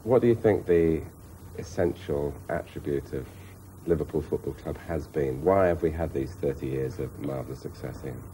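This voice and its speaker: A man interviewing a panel, asking questions in a measured, formal way. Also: extremely low pitch, warm tone, a little hiss or hum, rough recording.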